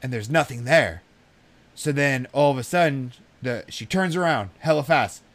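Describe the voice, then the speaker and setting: A man's voice: medium pitch, moderate pace. Rambling, sidetracked man telling stories. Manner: rambling, easily sidetracked storytelling. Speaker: podcast co-host. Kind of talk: casual podcast chat.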